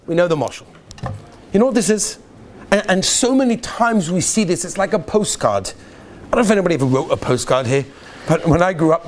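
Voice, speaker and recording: A man, a rabbi, welcoming yeshiva students with parables, acting out the characters and sprinkling in Yiddish and Hebrew words. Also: a little hiss or hum. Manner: storytelling, acts out characters with big pitch swings. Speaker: rabbi giving a welcome talk. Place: yeshiva hall.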